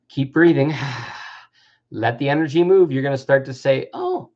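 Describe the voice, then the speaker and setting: Captured on a dull lo-fi recording, this reflective self-help talk comes from a man in his fifties who earnestly shares lessons and occasionally voices the people he quotes. He speaks at a normal speed in a medium-pitched, slightly mellow voice.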